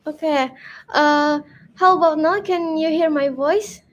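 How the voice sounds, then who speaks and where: Young woman host, high voice, slow and unsure, checking audio on a call. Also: steady tone, dull audio. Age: young adult. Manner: hesitant, repeating checks. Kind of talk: online event, checking audio.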